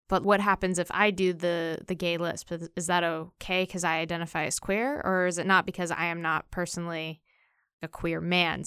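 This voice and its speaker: A woman's voice: on the low side, sharp tone, clear, resonant tone, no room sound, studio quality. A young woman in casual discussion, thinking aloud and asking herself questions as she talks. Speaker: discussion participant.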